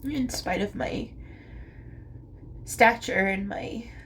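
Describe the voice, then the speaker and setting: A young woman talks slowly through tears in a small, gravelly voice. She speaks haltingly, with soft, breathy, half-whispered asides. A faint hiss of noise sits under the recording. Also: medium pitch. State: crying. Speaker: vlogger. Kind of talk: tearful confessional monologue.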